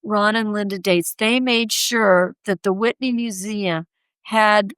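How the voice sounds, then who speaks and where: A woman sculptor, a podcast guest, telling an anecdote and acting out the quoted voices in a higher pitch. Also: slow, clear, resonant tone, no room sound. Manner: animated, acts out quoted voices in a raised pitch. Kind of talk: anecdotal storytelling in conversation.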